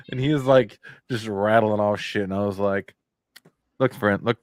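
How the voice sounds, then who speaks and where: A man's voice: on the low side, steady tone, a little slow, slight background noise. A man co-hosting a podcast, telling a rambling factory story in casual chat and swearing freely. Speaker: podcast co-host; factory worker.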